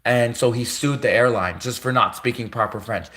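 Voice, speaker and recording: A man's voice: medium pitch, normal speed, sharp tone. A man hosting a livestream, ranting heatedly and repeating his points for emphasis. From Canada. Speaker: livestream host.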